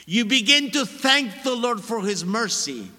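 A Catholic priest in his sixties giving a sermon, an expressive storyteller who stresses his points by repeating them. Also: sits high, unhurried. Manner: animated, expressive storyteller with laughs and emphatic repetition. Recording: long reverb of a large hall.

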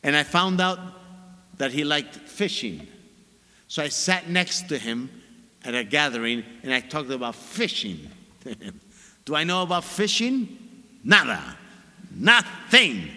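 A Catholic priest in his sixties giving a sermon, an expressive storyteller who stresses his points by repeating them. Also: sits high, moderate pace. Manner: animated, expressive storyteller with laughs and emphatic repetition. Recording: long reverb of a large hall.

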